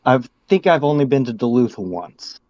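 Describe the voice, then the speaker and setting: A man's voice: medium pitch, big pitch swings, normal speed, dark tone, highs cut off. A man from Minnesota calling in to a livestream, giving short, hesitant answers with fillers. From Minnesota, USA. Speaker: caller. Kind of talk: casual call-in chat.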